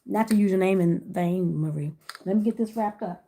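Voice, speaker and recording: A woman's voice: medium pitch, moderate pace, mellow. A woman hosting a casual livestream, chatting with viewers by name and laughing often as she wraps gifts. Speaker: livestream host wrapping gift baskets.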